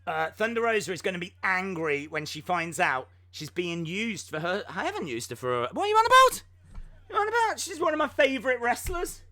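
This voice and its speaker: A man chats through a casual live reaction stream, breathless and self-mocking. His voice sits very high and bright, and he talks slowly. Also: no room sound. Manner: jokey, self-mocking, chatty.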